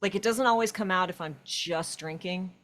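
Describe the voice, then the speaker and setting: A woman's voice: fairly low pitch, moderate pace. Chatty woman co-hosting a game stream. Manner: chatty, animated storytelling. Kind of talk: casual chat while playing.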